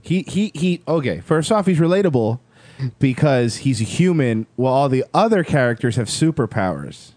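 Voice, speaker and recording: A man's voice: medium pitch, very animated, normal speed, a little mellow, no echo. A man with a mid-range voice co-hosts a loose comedy podcast, cracking crude jokes and rambling through news stories. His voice is close and dry, with no room sound. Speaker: podcast co-host. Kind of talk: casual comedic chat, reading news.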